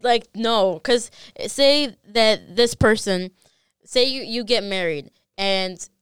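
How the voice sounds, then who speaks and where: A woman's voice: mid-range voice, slow, fairly bright tone, clear, resonant tone, no echo, studio quality. A young woman co-hosting a podcast, chatting frankly and swearing freely, with many "like"s. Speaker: podcast co-host. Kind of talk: casual chat.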